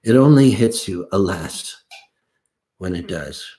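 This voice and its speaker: An older man, a folk singer hosting an online mini-concert, speaking slowly and gravely, with phrases that trail off softly. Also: low voice, animated. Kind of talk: somber spoken address between songs.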